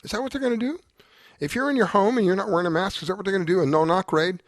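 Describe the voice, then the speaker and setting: Racing along in a high-sitting voice, a talk show host rants through an exasperated, emphatic monologue, repeating himself often. The recording is studio quality and has no echo.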